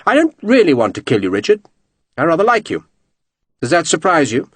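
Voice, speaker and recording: A man's voice: on the high side, wildly swooping pitch, a little fast, fairly bright tone, breathy edge, no echo, pitched above the performer's own voice, full character voice. A man voicing a cheerful, urbane renegade officer who speaks in a suave, mocking drawl. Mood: amused, urbane.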